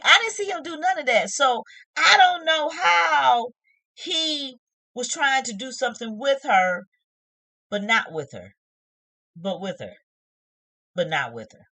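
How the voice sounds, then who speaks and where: A woman's voice: high voice, animated, unhurried, long pauses, sharp tone, no echo. A woman hosting a casual reality-TV review vlog, opinionated and talking straight to her viewers. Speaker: host of a TV review channel.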